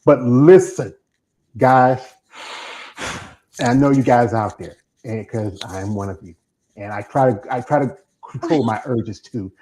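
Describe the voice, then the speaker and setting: A man's voice: mid-range voice, a little slow, long pauses, dark tone, low-quality recording. Rambling man hosting a live interview. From American South. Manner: rambling, chatty, self-interrupting. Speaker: podcast host. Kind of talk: casual interview chat.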